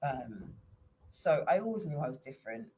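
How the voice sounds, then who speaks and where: A woman's voice: extremely low pitch, big pitch swings, moderate pace, dark tone, slightly rough, poor audio. Chatty English woman guest, playful. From England. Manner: chatty, playful, slips into put-on accents. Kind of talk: casual chat.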